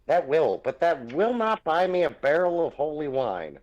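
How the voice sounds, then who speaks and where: A man's voice: a little high, big pitch swings, normal speed, a little mellow, muffled recording. Playful man joking at the game table. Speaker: player. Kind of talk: casual chat during an online tabletop game.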